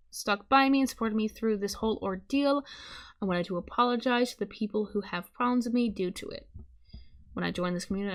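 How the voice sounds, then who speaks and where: A young woman from the Southern United States giving live-streamed commentary, her voice strained from hours of talking, rambling and correcting herself as she goes. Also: medium pitch. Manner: rambling, self-correcting, casual. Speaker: streamer commenting on online drama.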